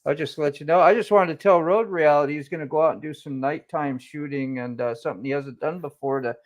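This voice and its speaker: Polite man with a higher voice. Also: quick pace. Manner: polite, caring well-wishes. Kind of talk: casual group chat on a live stream.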